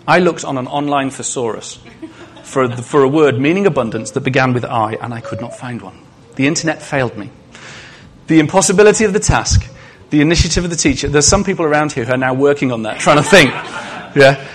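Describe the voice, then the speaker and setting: A man's voice: mid-range voice, lively intonation, brisk. A male preacher giving a sermon in a conversational way, asking the congregation questions and adding humorous asides.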